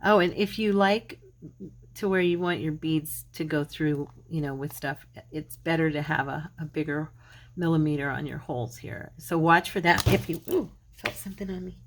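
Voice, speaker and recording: Speaking at a normal speed in a deep voice, a middle-aged woman living in Arizona chats casually on her craft channel. She talks to herself as she works through the tutorial.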